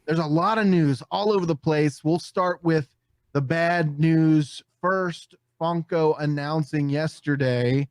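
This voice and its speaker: A man hosting a casual podcast, telling stories with animated energy, often putting on voices and laughing. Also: on the high side, slow, dry recording. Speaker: podcast host.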